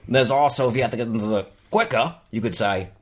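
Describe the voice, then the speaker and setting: A man voicing a laid-back mock-Australian man, with gargly throaty vowels and a low mumbly drawl. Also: fast, breathy edge, natural voice.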